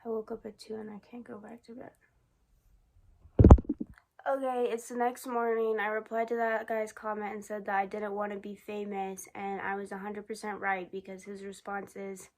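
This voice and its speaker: A woman's voice: mid-range voice, little pitch movement, moderate pace. A young woman talking casually to her camera in a vlog, rambling and musing, sometimes exasperated. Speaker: vlogger.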